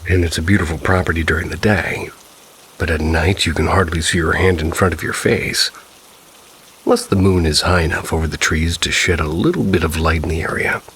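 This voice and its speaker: Very deep gravelly male narrator. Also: a bit bright, slight background noise, rough recording. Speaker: narrator of submitted ghost stories. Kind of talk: scripted narration.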